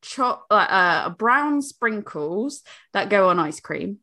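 An American woman from New England, a young adult co-hosting a casual podcast chat, animated, laughing and swearing freely. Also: medium pitch, slow. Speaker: podcast co-host.

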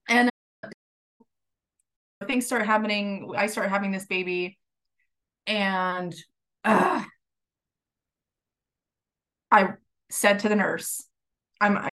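A woman in a mid-range voice, recounting her story as a podcast guest. She laughs often and slips into little acted-out quotes, keeping a casual, lively flow. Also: medium pitch. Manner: animated, laughs while telling, acts out quotes.

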